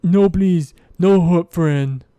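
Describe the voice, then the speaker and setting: A man voicing a gentle, tearful male giant who speaks in simple, broken phrases. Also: high voice, takes it slowly, smooth, no room sound, highs cut off, voice pushed up. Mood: pleading.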